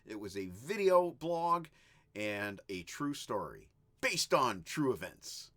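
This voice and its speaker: Guy chatting on his rock vlog, lively up and down voice, tells stories with little sound effects. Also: mid-range voice, slow. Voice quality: animated, chatty storyteller who does little sound effects. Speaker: host of a rock music video channel. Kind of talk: casual storytelling vlog.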